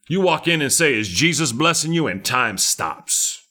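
A man's voice: on the high side, animated, moderate pace, few pauses, sharp tone. A middle-aged man preaching a sermon, fervent and emphatic, with lots of repetition.

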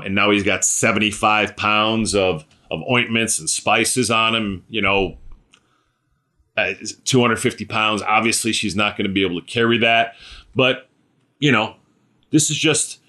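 Lowish yet bright and forceful, this pastor's voice carries a sermon delivered in a conversational style. He frequently asks "right?" and "okay?", stumbles into restarts, and leans on fillers.

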